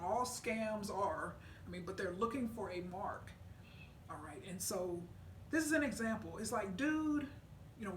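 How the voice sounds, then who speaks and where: A woman's voice: medium pitch, slight background noise. Woman trainer, far off in an echoey room. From United States. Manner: animated storytelling, many fillers and restarts. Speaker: sales trainer and consultant. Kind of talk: casual teaching talk.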